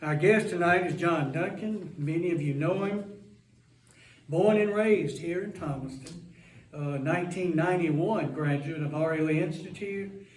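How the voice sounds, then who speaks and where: A man's voice: fairly high pitch, a little slow. A man hosting an event before a live audience, introducing a guest in a rambling, joking, chatty way. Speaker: host introducing a guest speaker. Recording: roomy hall, mic some distance away.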